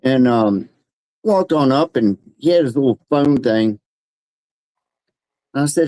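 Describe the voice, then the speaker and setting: A man's voice: medium pitch, unhurried, pauses often, warm tone, no echo, rough recording. An older man telling a funny anecdote in a casual, giggly way during a livestream. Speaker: livestream guest. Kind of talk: casual storytelling.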